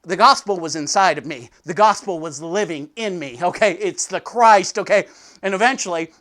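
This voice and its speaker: Guy preaching a devotional, storytelling, goes loud then quiet. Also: high voice, moderate pace. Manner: animated storytelling preacher, sudden loud and soft swings. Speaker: pastor. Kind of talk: devotional sermon.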